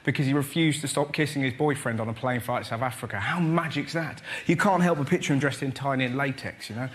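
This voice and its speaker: A young man doing a stand-up comedy routine, telling excitable stories and shouting his punchlines. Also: medium pitch, quick pace. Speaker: comedian panellist. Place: TV studio with live audience. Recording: loud noise and audience laughter.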